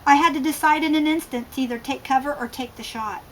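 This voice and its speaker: A woman's voice: high-pitched, fast, a little hiss or hum, poor audio. A novelist reading a chapter of her own book aloud, stopping now and then to comment on the text. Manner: calm reading with asides about the text.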